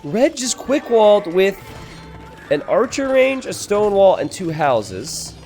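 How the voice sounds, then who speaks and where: A man giving casual strategy game commentary, excitable, laughing and exclaiming at players' blunders. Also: sits high, slow, faint music behind.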